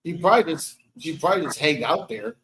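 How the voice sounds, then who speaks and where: A man hosting a casual chat, loose and profane, often trailing off softly. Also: on the high side, lively intonation, quick pace, low-quality recording.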